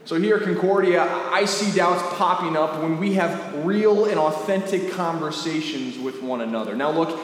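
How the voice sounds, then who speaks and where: A man pastor preaching a sermon in a lively, conversational way, asking the congregation rhetorical questions. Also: a little high, moderate pace, hardly any pauses. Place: church sanctuary. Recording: echoey church hall with faint ambience.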